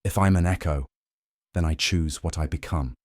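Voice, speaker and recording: A man's voice: extremely low pitch, moderate pace, darkish tone, no room sound, clean studio sound. A man voicing a desperate male detective in an audio story, strained and defiant.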